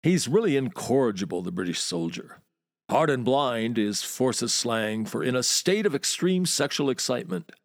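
A man's voice: mid-range voice, normal speed, no echo, clean studio sound. An American man hosting a podcast, reading a wry, word-loving monologue. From United States. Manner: wry, relishing words, lively storyteller. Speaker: podcast host and walking tour guide.

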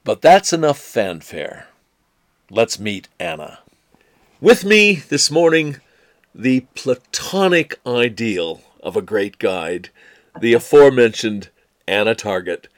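A man's voice: medium pitch, very animated, takes it slowly. A man hosting an interview, chatty and playful, with lots of encouraging backchannels. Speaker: podcast host interviewing a tour guide. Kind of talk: casual interview chat.

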